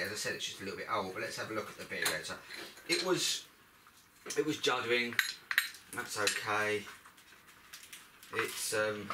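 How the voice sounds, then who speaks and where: A man's voice: lowish voice, recorded from a distance, very noisy. A man talking viewers through a moped repair as he works, in a rambling, chatty way with asides to the audience. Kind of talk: chatty workshop commentary while working. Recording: echoey garage, voice off-mic.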